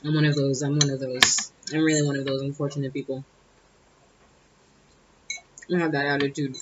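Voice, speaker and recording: A woman's voice: very deep voice, level tone, quick pace, hardly any pauses, breathy edge, highs cut off. A young woman telling a personal story to camera in a blunt, exasperated, profane way. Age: young adult. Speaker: vlogger. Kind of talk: casual storytime monologue.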